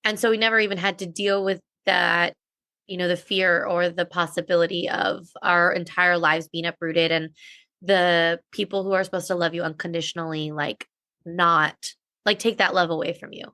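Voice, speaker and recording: Bright, dry-sounding woman podcaster. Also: fairly low pitch, fairly even intonation, moderate pace, no room sound. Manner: candid, personal storytelling. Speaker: podcast co-host. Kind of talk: casual podcast discussion.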